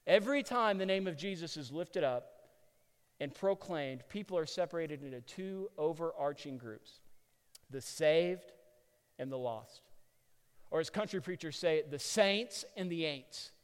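A man preaching a sermon, telling stories with animation and building to loud peaks. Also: on the high side, expressive, a little slow, smooth. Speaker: pastor. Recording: long hall reverb.

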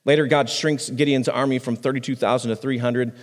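A man, a pastor, preaching a sermon on a microphone in a conversational way, restarting phrases and swinging his pitch up and down for emphasis. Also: steady tone, a little fast, big-room sound. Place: church sanctuary.

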